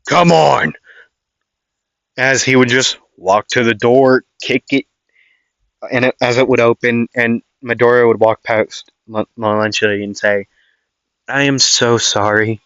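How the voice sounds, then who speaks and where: A man's voice: mid-range voice, little pitch movement, normal speed, a bit bright, clear, resonant tone, no echo. A man telling an improvised fan story in a rambling, casual way, full of fillers and little checks, in a dull lo-fi recording.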